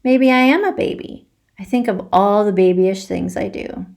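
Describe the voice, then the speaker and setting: A woman teacher reading a children's book aloud for virtual story time, slow and expressive. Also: medium pitch, vocal fry.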